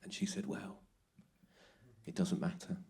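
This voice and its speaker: A man quoting his exasperated girlfriend as she lectures him, in his own low voice. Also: very animated, a little slow, vocal fry, warm tone, heavily acted. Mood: lecturing. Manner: lecturing, fed-up. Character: exasperated young woman, girlfriend, scolding.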